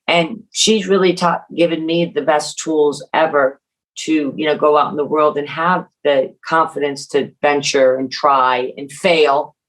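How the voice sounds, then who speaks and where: Animated middle-aged woman podcast guest. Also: deep voice, measured pace, poor audio. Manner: animated, acts out family quotes. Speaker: guest, author. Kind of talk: casual podcast interview.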